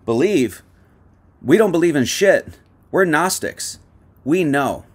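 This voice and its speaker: A man's voice: a little high, expressive, slow pace, pitched above the performer's own voice. A man voicing a blunt, cocky Gnostic in a bar joke, with punchy, emphatic delivery.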